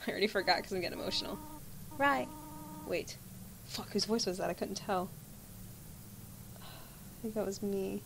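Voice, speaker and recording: A woman's voice: medium pitch, normal speed, vocal fry, long pauses, fairly bright tone, a little hiss or hum, low-quality recording. A woman hosting a let's-play, chatting casually and giggling between lines. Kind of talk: casual gaming commentary.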